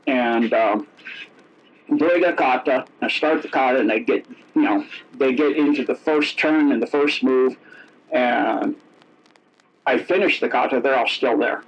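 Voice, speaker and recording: A middle-aged man with a medium-pitched, unhurried voice tells casual stories as an interview guest. He rambles, corrects himself, and acts out quoted dialogue, all on dull lo-fi audio.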